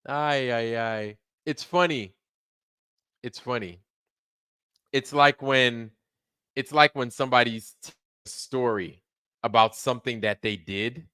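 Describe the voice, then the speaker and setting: Bright, dry-voiced rambling American man. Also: mid-range voice, steady tone, unhurried, smooth, no room sound. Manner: loose, rambling, swears freely, repeats phrases. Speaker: livestream host. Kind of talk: casual livestream rant.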